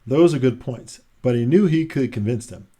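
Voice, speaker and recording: A man's voice: mid-range voice, normal speed, warm tone. A man reading a children's picture book aloud in a casual, chatty way, adding asides between pages.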